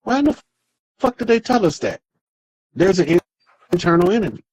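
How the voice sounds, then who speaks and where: A man's voice: high-pitched, big pitch swings, fairly quick, a little mellow, husky. Profane, emphatic man in casual talk. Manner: profane, emphatic street storytelling. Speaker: podcast speaker. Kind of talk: casual monologue.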